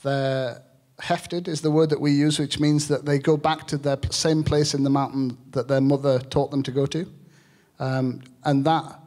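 A man from England's Lake District, an author speaking on stage at a live event, talking in an earnest, halting way with many fillers. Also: mid-range voice, flat delivery, a little mellow. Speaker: author and shepherd guest speaker. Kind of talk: public talk with reading and Q&A.

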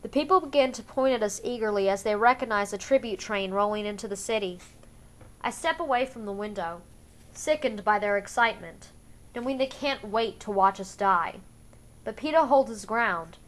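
Woman reading a novel aloud, slightly high. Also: moderate pace, a bit bright. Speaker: audiobook reader. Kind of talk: first-person novel narration.

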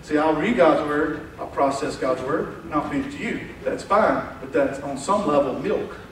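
A man preaching a sermon as pastor, animated, acting out quoted voices and dropping from loud to hushed. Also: on the high side, normal speed, a little hiss or hum. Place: church sanctuary. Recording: echoey church hall from far off.

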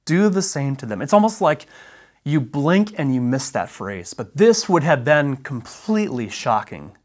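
Preacher, male, mid-range voice; measured, emphatic sermon delivery, slowing on key phrases. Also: mid-range voice, sing-song. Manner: emphatic, deliberate teaching with slowed key phrases. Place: church.

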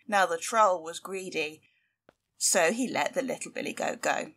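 A woman's voice: fairly low pitch, normal speed. Woman reading a storybook aloud. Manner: lively, expressive storytelling. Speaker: library storyteller.

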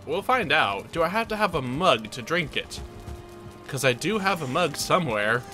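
A man with a slightly high, bright and forceful voice narrates his gameplay in a chatty, self-mocking way. He talks the listener through his virtual house like a cheerful tour guide, with faint music playing underneath. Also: big pitch swings, normal speed. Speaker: gaming channel host. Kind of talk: let's play commentary.

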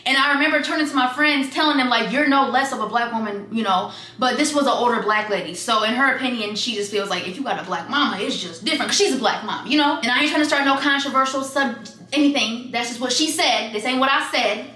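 A young woman vlogging in a chatty, sassy way, getting animated as she tells stories. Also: fairly high pitch, fast talker. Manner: chatty, sassy, animated when quoting people. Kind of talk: casual storytelling vlog. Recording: echoey room with faint background hiss.

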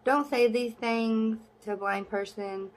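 A young woman vlogging in a casual, blunt and sassy way, cursing freely, with her voice jumping high when she is exasperated. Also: fairly even intonation, a little slow. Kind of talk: casual talk to camera.

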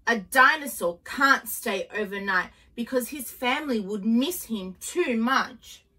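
A woman's voice: fairly high pitch, animated, unhurried, sharp tone, far from the mic, exaggerated voice. A woman voicing an anxious, timid young male dinosaur in a storybook reading, in a fretful, pleading way. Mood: firm.

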